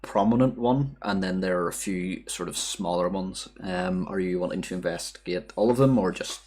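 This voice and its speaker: Low, husky-voiced man as game master, hesitant descriptive narration. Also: normal speed, a little mellow. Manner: hesitant, descriptive, with frequent fillers. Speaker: dungeon master.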